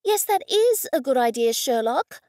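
A woman voicing a flustered, sharp-tongued young city woman who talks back in an exasperated, snappy way. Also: high-pitched, sing-song, moderate pace, no echo, clean studio sound.

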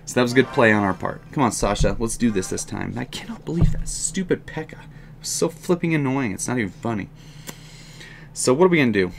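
A man giving live commentary on his own mobile game match, excitable, moving from calm explanation to loud frustrated outbursts. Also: mid-range voice, fairly quick, gravelly, a little hiss or hum. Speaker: gaming commentator.

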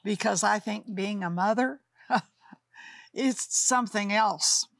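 A woman's voice: medium pitch, takes it slowly, gravelly, fairly bright tone, dry recording. An older woman co-hosting a talk show, speaking affectionately and calling people honey. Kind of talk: warm studio talk show chat.

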